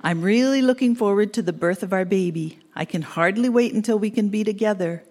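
A young woman speaks as though recording tape letters to her husband, reading the old letters aloud in a teasing, giggly manner. Her voice is mid-range and darkish, fairly quick, and sounds like it's in a large hall.

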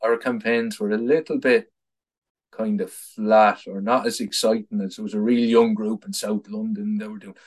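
A man's voice: lowish voice, flat delivery, normal speed. An Irish man in his thirties, a political activist guest telling stories in casual conversation, often repeating words and laughing at his own anecdotes. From Ireland.

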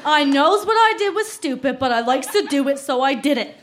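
Newfoundland woman, high lively voice, reads her kid diary on a live stage. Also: a little fast, very noisy. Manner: animated, laughing through her reading. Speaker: reader at a live storytelling show. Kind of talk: reading her childhood diary aloud on stage.

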